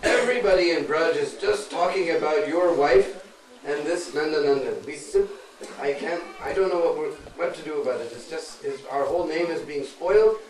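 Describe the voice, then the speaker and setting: A man's voice: a little high, animated, moderate pace, natural voice. A man voicing a stern old mother-in-law who scolds indignantly in a raised voice. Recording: distant echoey recording with crowd.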